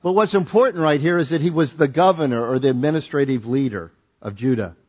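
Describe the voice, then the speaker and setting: Man, sermon, reads scripture and explains it, fairly high voice, dull lo-fi recording. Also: fast, slightly rough. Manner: conversational, asks the congregation to join in. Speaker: pastor.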